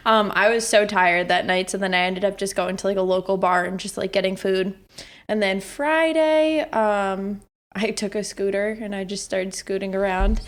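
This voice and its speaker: A woman's voice: mid-range voice, fairly even intonation, moderate pace. A woman co-hosting a podcast, telling stories in a rambling, chatty way. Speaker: podcast co-host. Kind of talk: casual chat.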